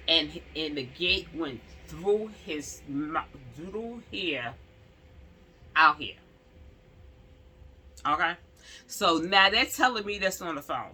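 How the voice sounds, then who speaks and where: A woman's voice: lowish voice, bright, forceful tone. A woman casually telling a personal story to her viewers, emphatic and rambling, with many asides to the audience.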